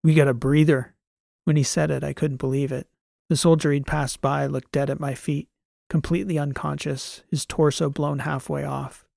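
A man reading a science fiction story as an audiobook narrator, in a measured, even way. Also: fairly high pitch, gravelly, dry recording, clean studio sound. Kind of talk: scripted narration.

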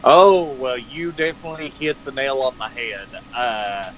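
A man in casual chat making offhand, low-key remarks. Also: lively intonation, unhurried, slight background noise, poor audio.

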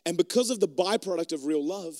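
A man preaching a sermon to a room of people, animated and joking, and talking in a loose conversational way. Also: sits high, brisk, in a large hall. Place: room with an audience.

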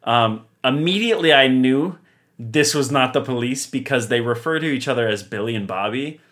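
A young man co-hosting a podcast, casually recapping a TV episode with lively, laughing storytelling. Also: mid-range voice, normal speed. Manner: animated storyteller, laughs often. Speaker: podcast co-host.

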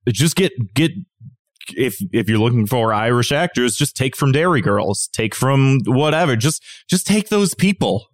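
A man's voice: medium pitch, expressive, normal speed, few pauses, no echo, clean studio sound. A man co-hosting a podcast, chatting casually and ranting with plenty of swearing. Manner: profane, ranting, exasperated. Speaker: podcast co-host. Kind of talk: casual chat.

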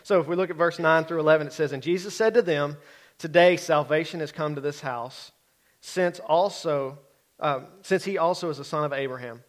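A man's voice: a little high, moderate pace. A middle-aged man preaching a sermon in a conversational way, often checking in with his listeners. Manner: conversational, keeps checking in with the congregation. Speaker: pastor.

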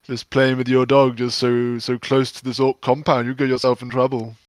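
A man's voice: medium pitch, little pitch movement, dry recording, close to an everyday voice. A man putting on a Scottish orc guard. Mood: suspicious. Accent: put-on Scottish. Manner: blustery and suspicious, halting. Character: gruff orc guard, really a disguised woman.

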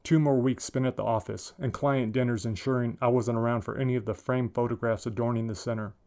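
A man's voice: medium pitch, fairly even intonation, brisk, a little mellow. Man in his forties reading his story. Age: 40s.

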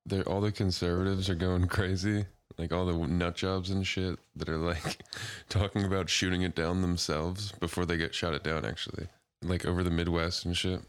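A young man with a very low voice chatting loosely on a podcast, recorded close and dry. He is laid-back, laughs a lot and answers in short, dry bits. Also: level tone, normal speed, no room sound. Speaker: podcast co-host. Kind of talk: casual chat.

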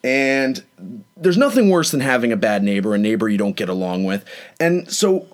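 A young adult man hosting a casual chat, retelling a neighbor dispute with animated, dramatic delivery. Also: moderate pace. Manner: animated, dramatic retelling with rising pitch on quotes. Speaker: host.

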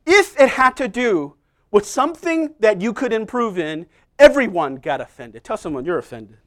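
High-voiced man preaching casually. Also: big pitch swings, fairly bright tone. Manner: conversational and self-deprecating, with quick asides to the congregation. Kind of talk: sermon with personal stories.

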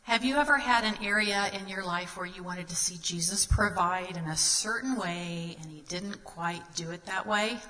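A woman's voice: medium pitch, normal speed, hardly any pauses, bright, forceful tone, big-room sound, rough recording. A woman guest speaker giving a sermon, reading scripture aloud and asking the listeners earnest questions.

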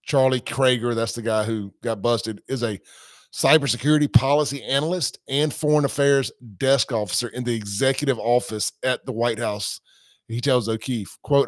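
A man hosting a livestream podcast, chatting loosely and reading out viewer comments and quotes. His voice sits at an ordinary middle pitch. The sound is close and dry, with no room around it. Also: fairly even intonation, normal speed, no echo. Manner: casual, conversational, reads comments and quotes aloud. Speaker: podcast host.

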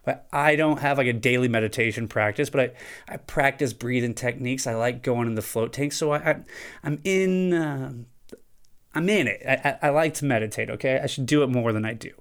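Smooth-voiced man, casual podcast rant. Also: mid-range voice, brisk. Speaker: podcast host. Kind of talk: casual monologue.

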